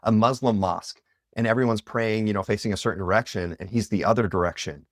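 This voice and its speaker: Animated, low-voiced man telling stories. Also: fast talker, dry recording, clean studio sound. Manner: animated, filler-heavy, with lots of "like" and "you know". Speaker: podcast guest. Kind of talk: personal storytelling in conversation.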